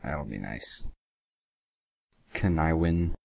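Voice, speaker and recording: A young man with a very low voice talks sarcastically through a reaction video. He swears casually and stumbles as he reads lines aloud. The sound is dry and close, with no room around it. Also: animated, drawn-out words, gravelly, darkish tone, breathy edge, no room sound.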